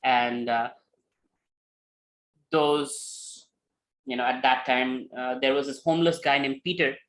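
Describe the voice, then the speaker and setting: Animated male storyteller on scripture. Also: medium pitch, slow, rough recording. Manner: animated, with many fillers and acted quotes. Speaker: spiritual teacher.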